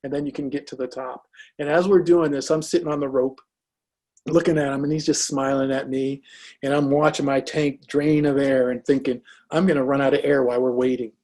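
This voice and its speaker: In a motivational talk, a man recounts a personal story with lively energy, acting out the dialogue as he goes. His voice is mid-range and his pace moderate.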